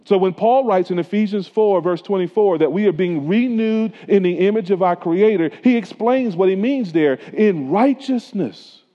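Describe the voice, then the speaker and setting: Middle-aged pastor in an echoing hall. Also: male voice, high voice, moderate pace, few pauses. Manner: conversational preaching with personal stories. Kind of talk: sermon. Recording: dull lo-fi sound with long hall reverb.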